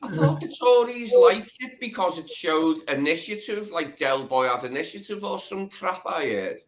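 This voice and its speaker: A man's voice: high voice, animated, normal speed, slight background noise. A man co-hosting a live stream, chatting casually in a blunt, plain-spoken way. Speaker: co-host. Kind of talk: casual chat.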